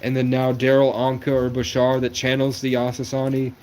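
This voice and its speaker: Rambling young man in a monotone. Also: mid-range voice, fairly quick. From New England, USA. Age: 20s. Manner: rambling, conspiratorial, jumps between topics. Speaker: livestreamer. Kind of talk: rambling livestream monologue.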